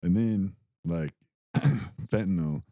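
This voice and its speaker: A young man co-hosts a podcast, telling a story in casual chat and acting out the quotes with animation. His voice is deep and slow. There's no room sound.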